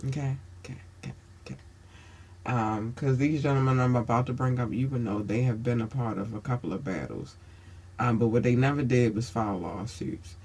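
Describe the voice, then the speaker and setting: A man hosts his own podcast and hands out blunt advice like a sermon. His voice sits at an everyday middle pitch. He swears freely and calls his listeners baby. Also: a little fast, a little mellow. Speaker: podcast host. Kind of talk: casual advice monologue.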